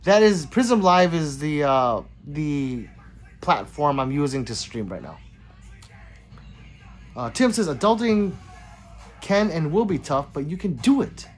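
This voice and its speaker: A man's voice: on the high side, animated, unhurried, pauses often, soft background music. A man hosting a casual livestream, reading viewer comments aloud and chatting back with frequent laughs. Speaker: livestream host reading chat.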